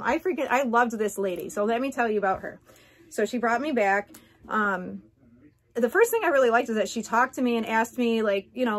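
A woman vlogger talking casually to her viewers, candid and rambling with many asides. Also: a little high. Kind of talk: casual chat to camera.

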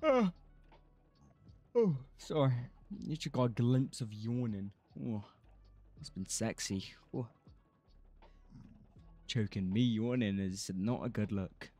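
A man drawls through his gameplay in casual, unhurried chat. He drifts between topics, swears freely and half-sings snatches of songs, with faint music playing underneath. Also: fairly low pitch, warm tone. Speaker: streamer.

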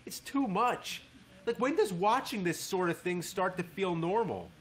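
A man giving a casual, animated spoken review of a TV show, swearing freely as he talks. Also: high-pitched, unhurried, a little hiss or hum.

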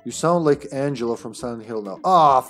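A man's voice: mid-range voice, a little fast, darkish tone. A man streaming a game and chatting casually, joking, swearing and laughing often. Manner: jokey, swears freely, laughs a lot. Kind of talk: casual chat while gaming. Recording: faint music behind. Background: faint game music.

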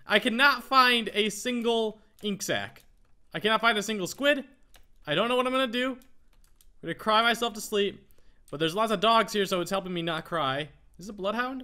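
A man hosting a casual Minecraft let's play, chatting excitedly as he plays and talking to the animals he finds. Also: high-pitched, a little fast. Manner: excitable, talks to in-game animals. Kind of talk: casual gameplay commentary.

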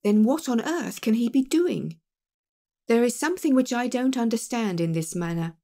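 A keen-minded detective, as a woman reader puts him on, asks clipped questions in a low, hushed way. His manner is probing and quick, turning things over aloud. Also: expressive. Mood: puzzled. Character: sharp, puzzled male detective, middle-aged.

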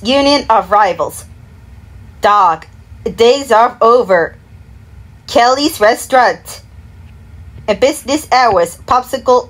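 A woman recreating a TV commercial break by herself, rambling through slogans and product names in slurred, half-mumbled words and humming the jingles as "da da". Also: on the high side. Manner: hums and sings jingles in "da da" syllables.

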